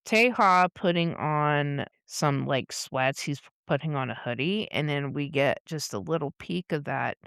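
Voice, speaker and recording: Slow-talking woman podcast co-host. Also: low voice, clear, resonant tone, no echo, clean studio sound. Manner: animated retelling, laughs often, swears casually. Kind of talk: casual chat recapping a comic.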